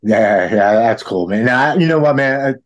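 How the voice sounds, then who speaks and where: A man's voice: mid-range voice, lively intonation, normal speed, dull audio. A man in his forties telling a heartfelt story in casual conversation, acting out the people he quotes with a raised voice. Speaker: guest in recovery.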